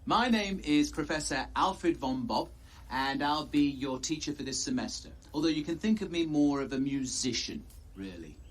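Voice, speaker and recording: Pompous music teacher, fairly high voice, lively pitch, slow grand delivery, film comedy. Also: male voice. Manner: pompous, slow, self-important. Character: pompous self-important male music teacher. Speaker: film character.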